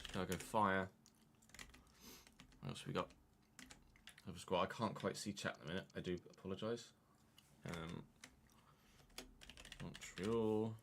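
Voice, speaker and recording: A man's voice: sits low, steady tone, unhurried, vocal fry, pauses often, fairly bright tone, slight background noise. A man chatting casually on a live stream, muttering asides to himself and to chat.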